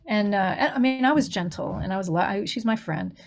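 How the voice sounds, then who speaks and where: A woman's voice: mid-range voice, brisk, hardly any pauses, darkish tone. A middle-aged woman, a grief recovery minister, sharing personal stories in an earnest, conversational way and acting out the voices of the people she quotes. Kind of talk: conversational podcast interview.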